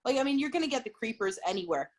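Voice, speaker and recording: A woman's voice: on the high side, expressive, very fast. A woman co-hosting a casual chat, frank and swearing casually. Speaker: podcast co-host.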